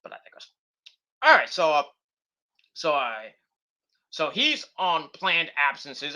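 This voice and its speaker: A man hosting a loose late-night podcast. His fairly high, bright voice swings widely in pitch as he rambles. He swears freely and fills gaps with ums and uhs. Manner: rambling, profane, many fillers. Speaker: podcast host. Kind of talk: casual late-night wrestling chat.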